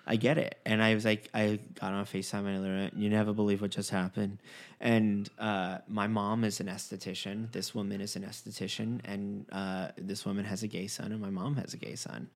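A man's voice: on the low side, fairly quick, gravelly, hardly any pauses. A man telling a personal story in casual conversation, acting out the dialogue with many restarts. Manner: animated storyteller, acts out quoted dialogue, frequent restarts.

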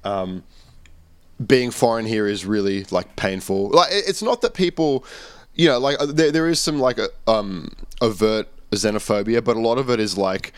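A man's voice: lowish voice, normal speed, clear, resonant tone, no room sound. A young man, telling stories as a podcast guest in a rambling, casual way full of fillers. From Australia. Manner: rambling storyteller, many fillers and restarts. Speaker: guest musician.

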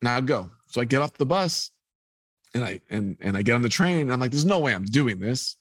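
A man's voice: medium pitch, animated, brisk, husky, no echo. A man, a guest telling a long personal story and acting out the people in it. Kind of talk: storytelling in a podcast conversation.

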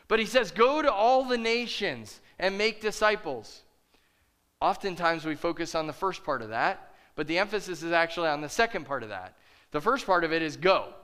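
Emphatic high bright-voiced preacher man. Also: clear, resonant tone. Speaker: pastor. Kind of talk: sermon.

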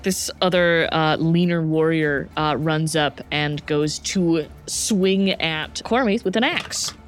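A woman narrating a tabletop game as game master, unhurried and often laughing. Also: deep voice. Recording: faint music underneath.

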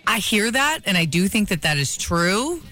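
A man's voice: high-pitched, very animated, moderate pace, pushed and bright, soft background music. A man co-hosting a morning radio show, reading listener texts and arguing his point earnestly. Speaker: radio co-host. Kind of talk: casual morning radio chat.

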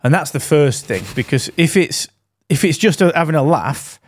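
A man's voice: a little high, animated, moderate pace. A man co-hosting a podcast, bantering in a jokey, sweary way. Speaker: podcast co-host. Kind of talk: casual chat. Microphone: studio dynamic mic.

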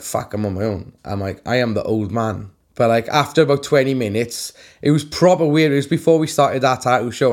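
A man's voice: mid-range voice, a little mellow. A middle-aged man, a tattoo artist co-hosting a show, telling rambling, sweary stories full of restarts and "like". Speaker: tattoo artist and podcast co-host. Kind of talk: casual chat.

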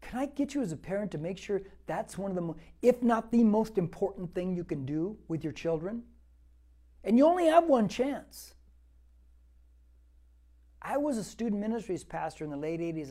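With a warm voice that sits high, a sixty-something pastor teaches through scripture verse by verse. He talks conversationally, leans on repetition for emphasis, and builds toward fervent exhortation.

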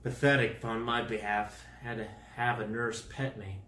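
A man's voice: fairly low pitch, little pitch movement, normal speed, sharp tone, echoey room, a little hiss or hum. A man telling a rambling comic story to camera, with goofy exaggeration and made-up words. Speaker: vlogger.

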